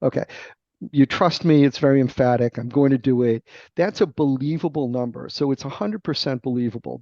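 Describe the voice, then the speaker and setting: A middle-aged man with a gravelly voice, a guest author explaining sales ideas in a teacherly, emphatic interview manner. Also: mid-range voice, no echo. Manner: emphatic, teacherly, checks in with "right?". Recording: dull lo-fi dry remote audio.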